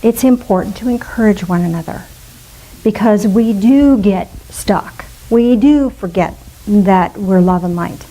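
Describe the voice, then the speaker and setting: A middle-aged woman leading a spiritual fellowship, preaching in a chatty, playful way and slipping into soft gushing voices now and then. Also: mid-range voice, unhurried, rough recording. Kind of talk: casual sermon.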